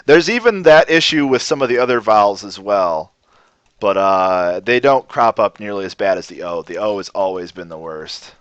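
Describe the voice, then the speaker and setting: A man teaching a language lesson on a livestream, in a relaxed, rambling way, often restarting his sentences. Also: on the low side, moderate pace, clear, resonant tone, no echo. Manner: relaxed, rambling, self-correcting. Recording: dull lo-fi stream audio.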